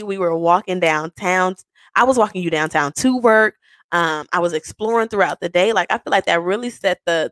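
A woman podcast host telling a personal story in a casual way, animated and often laughing. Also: no echo. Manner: animated, quick swings into high quoted voices; frequent laughs.

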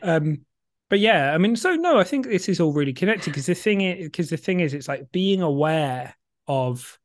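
A man hosting a casual podcast, chatty and rambling, quick to laugh at himself. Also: fairly high pitch, expressive. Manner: chatty, rambling, self-deprecating, laughs easily. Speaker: podcast host.

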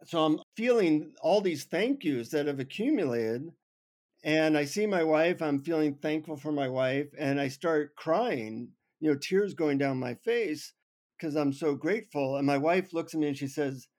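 Animated man telling a story. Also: fairly high pitch, moderate pace. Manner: animated, self-mocking humor. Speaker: guest. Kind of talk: anecdotal storytelling.

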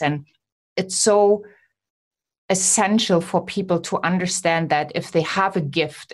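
A woman hosting a podcast interview, enthusiastically summing up her guest's story before asking a question. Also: fairly low pitch. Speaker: podcast host. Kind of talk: casual interview.

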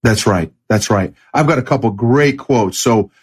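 A man's voice: medium pitch, normal speed, darkish tone, husky. A man speaking as a guest in an interview, emphatic and repeating key phrases. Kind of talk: casual interview.

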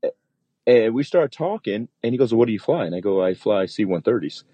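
Husky-voiced man telling a story. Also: on the low side, a little fast, no echo. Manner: animated storyteller acting out quoted voices. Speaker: guest, military pilot. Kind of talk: storytelling in a casual interview.

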